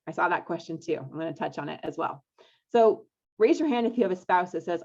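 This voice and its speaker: A woman's voice: fairly low pitch, lively intonation, fairly quick, gravelly. A woman coaching couples in a live online masterclass, upbeat and coaxing, often checking in with her listeners. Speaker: marriage coach hosting a live webinar. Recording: dull lo-fi webinar audio.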